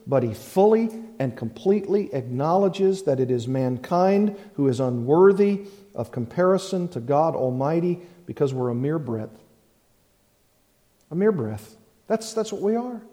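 A man preaching a sermon as pastor, slow and emphatic, repeating key phrases. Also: on the high side, dark tone, in a large hall.

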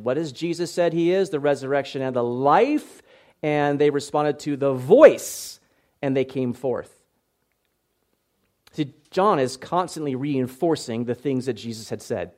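Here a pastor with a medium-pitched voice and lively intonation preaches at normal speed. The sermon is expository yet conversational: he reads scripture aloud, checks in with listeners via tag questions, and erupts into loud acted shouts.

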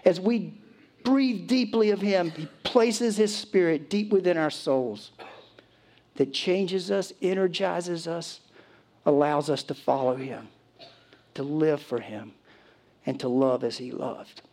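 A man preaching a sermon as pastor, earnest, moving from hushed, near-whispered lines to emphatic high calls. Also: slow.

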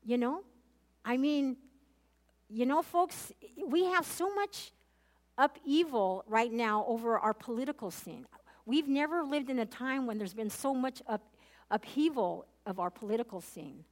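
In an unhurried, expressive voice on the high side, a woman leads a conversational Bible study as its teacher. She is earnest, addresses questions directly to her listeners, and often repeats herself or starts phrases over.

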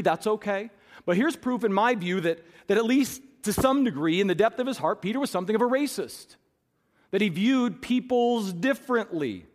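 High-voiced preacher in a reverberant hall. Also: male voice. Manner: emphatic, asks the audience rhetorical questions. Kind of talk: sermon.

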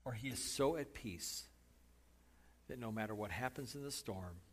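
A man preaching a sermon, dramatic, dropping to hushed asides and rising to emphatic points. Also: mid-range voice, sing-song, normal speed. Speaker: pastor.

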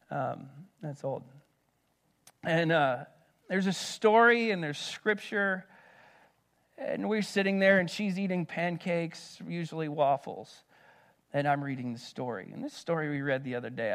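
A middle-aged man preaching a sermon, with loud, emphatic peaks that drop to soft, quiet asides. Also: fairly high pitch. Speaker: pastor.

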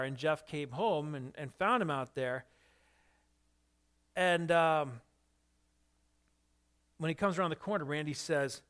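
Brief: pastor, male, higher-pitched, lively storyteller who puts questions to the room. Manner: animated, asks the listeners questions. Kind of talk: sermon storytelling.

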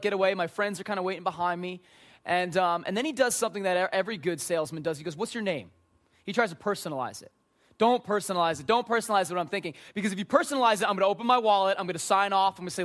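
A young adult man giving a storytelling sermon as a youth pastor, animated and self-mocking with quick asides. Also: high-pitched.

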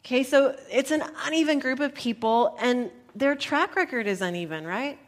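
A woman pastor reading scripture and preaching a sermon, animated and playful as she acts out the disciples in asides. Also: high voice, normal speed.

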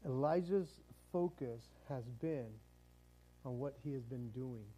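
A man's voice: mid-range voice, measured pace, warm tone, low-quality recording. A male pastor giving a conversational sermon who often repeats words and chuckles as he talks.

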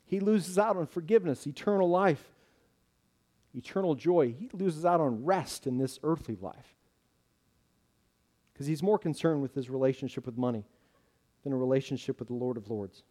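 A man's voice: a little high, normal speed, pauses often, mellow. A man preaching a sermon earnestly, rising with emphasis at key points.

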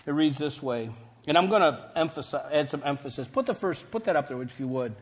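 A man's voice: fairly high pitch, expressive, brisk. Man preaching a conversational sermon. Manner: conversational preaching with rising emphasis and sudden quiet drops. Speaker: pastor.

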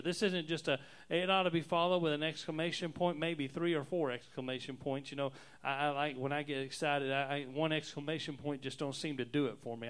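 A man preaching an expository sermon as pastor, stressing words and repeating them, growing fervent and loud. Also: on the high side, clear, resonant tone. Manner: builds from calm teaching to fervent, near-shouting preaching.

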